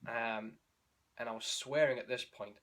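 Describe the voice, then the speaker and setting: A man's voice: medium pitch, steady tone, moderate pace, fairly bright tone. A young man, a running vlogger telling his race story in a candid, emotional, rambling way with restarts. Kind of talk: candid spoken race recap.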